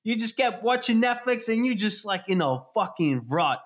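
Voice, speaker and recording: A man talks in a loose, profane podcast chat, his voice sitting a little high. His pitch jumps around a lot as he acts out little scenes. He swears constantly and keeps asking if you know what he means. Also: sing-song, moderate pace.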